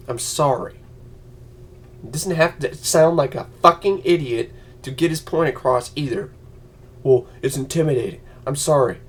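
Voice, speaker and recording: A man vlogging an angry, profane movie rant, yelling and mocking other people's voices. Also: a little high.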